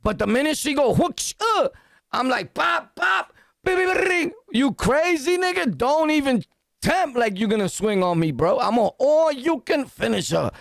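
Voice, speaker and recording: A man's voice: very high-pitched, big pitch swings, moderate pace, creaky, no room sound, studio quality. A man with a Brooklyn accent giving a profane, boastful reaction rant full of street slang, laughing often. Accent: Brooklyn New York. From Brooklyn, New York. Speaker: reaction commentator. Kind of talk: loud casual reaction rant.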